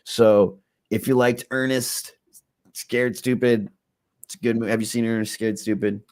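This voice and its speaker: A man hosting a casual livestream podcast, talking loudly and profanely, with bursts of laughter and shouting. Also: mid-range voice, fairly even intonation, moderate pace. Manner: profane, loud, laughing, prone to shouting outbursts. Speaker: podcast host.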